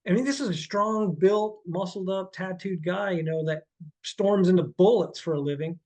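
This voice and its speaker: A man's voice: high-pitched, moderate pace, a little mellow, rough recording. A man on a podcast, a horse trainer and life coach, talking casually and rambling, often restarting and dropping in "man" and "dude". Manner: rambling, repeats words, says "man" and "dude".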